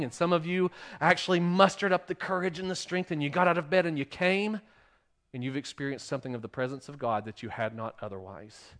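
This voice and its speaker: Preaching fast in a fairly high voice, a pastor fires rhetorical questions at the congregation. His sermon swings back and forth between booming emphasis and hushed, quiet lines.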